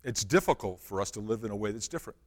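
A man's voice: on the low side, animated, fast talker, long reverb tail. A man preaching a sermon, reading scripture and asking the congregation earnest rhetorical questions. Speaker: pastor.

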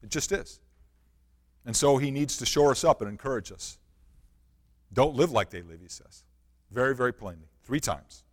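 A male pastor delivering a sermon with earnest conviction, often posing rhetorical questions to his listeners. His mid-pitched voice rings out with a long reverb tail, as if filling a large hall. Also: expressive, moderate pace, long pauses.

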